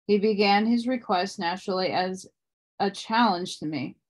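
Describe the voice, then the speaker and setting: A woman reading a book aloud at a steady pace, now and then stumbling and restarting a word. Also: medium pitch, normal speed. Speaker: audiobook reader.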